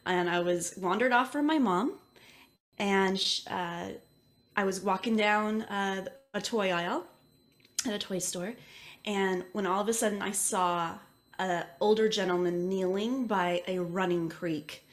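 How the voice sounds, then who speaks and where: A woman's voice: medium pitch, a little slow. A woman who is an intuitive medium, telling a personal story casually with many filler words. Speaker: intuitive medium, interview guest.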